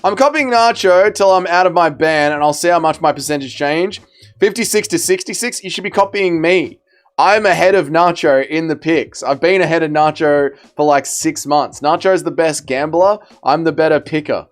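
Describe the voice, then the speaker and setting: Smooth-voiced man hosting a fight stream. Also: on the high side, moderate pace, faint music behind. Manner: bantering, reads out chat messages, swears freely. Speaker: livestream host. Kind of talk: casual livestream chat reacting to fights.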